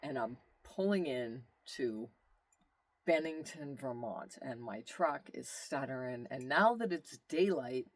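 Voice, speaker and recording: A man telling a long road-trip story in casual, rambling storytelling, animated, with asides and exclamations. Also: medium pitch, takes it slowly, no echo. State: tired. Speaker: vlogger telling his travel story.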